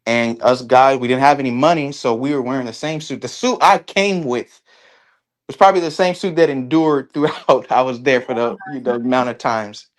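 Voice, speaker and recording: Man, interview guest, casual talk, halting, many restarts. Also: medium pitch.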